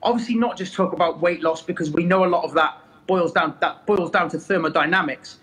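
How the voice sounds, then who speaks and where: A man's voice: high-pitched, brisk, fairly bright tone. West country fitness coach guy on a live stream, chatty, keeps saying okay, echoey room. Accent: West Country English. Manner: chatty, frequent "okay?" check-ins. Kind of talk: casual live-stream chat. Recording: echoey room with faint noise.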